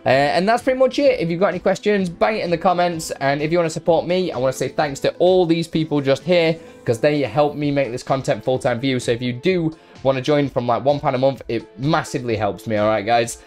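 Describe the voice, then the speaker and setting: A young man hosting a casual streaming software tutorial, talking in a relaxed, chatty way with many fillers and restarts. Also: on the high side, brisk, few pauses, faint music behind.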